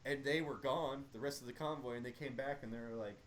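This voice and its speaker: A man's voice: mid-range voice, fast talker, a little hiss or hum. A young man and army veteran, casually telling profane, rambling stories about his service. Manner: profane, rambling war storytelling. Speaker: army veteran podcast guest. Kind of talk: casual chat.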